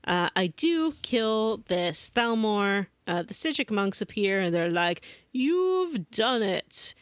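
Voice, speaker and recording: A woman co-hosting a casual gaming podcast, telling her playthrough as an animated storyteller who slips into mock voices for the characters. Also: medium pitch, a little slow, smooth, dry recording. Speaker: podcast co-host.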